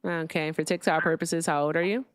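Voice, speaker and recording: A woman's voice: low voice, fairly even intonation, brisk, a little hiss or hum. A woman hosting a live call-in debate stream, joking, laughing and sarcastic with callers. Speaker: livestream host.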